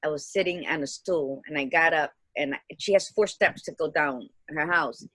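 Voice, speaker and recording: A woman in her fifties co-hosting a casual livestream chat, lively and laughing, dropping Spanish greetings. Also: low voice, normal speed, no echo. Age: 50s. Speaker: co-host, life coach. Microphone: video call.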